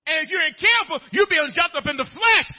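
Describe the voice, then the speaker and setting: A man preaching a sermon as pastor, telling a folksy story and building up to shouted preaching. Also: extremely high pitch, animated, quick pace. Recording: dull lo-fi church recording.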